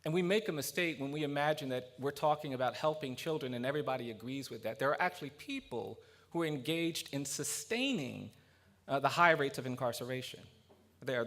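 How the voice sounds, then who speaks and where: A man's voice: a little high, a bit bright. A man speaking at a policy roundtable, giving an earnest public speech with storytelling that builds to emphatic points.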